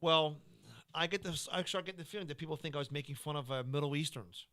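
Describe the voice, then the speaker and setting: Bright-voiced, stammering male comedian. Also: fairly high pitch, fairly even intonation, fast. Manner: rambling, stammering restarts. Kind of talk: casual podcast chat.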